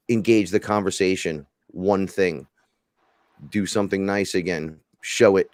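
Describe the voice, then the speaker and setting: A man talks in a loose, rambling way and slips into little acted-out quotes. His voice sits fairly low, and the sound is dry and close with no room around it. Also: no echo. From New York. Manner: rambling, animated, acts out quotes. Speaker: podcast guest. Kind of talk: casual chat.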